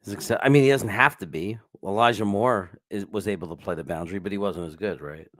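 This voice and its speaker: A man's voice: lowish voice, fairly quick, no room sound, studio quality. A man hosting a live stream, chatting casually and rambling as he greets viewers by name and swears now and then. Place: home setup with screens.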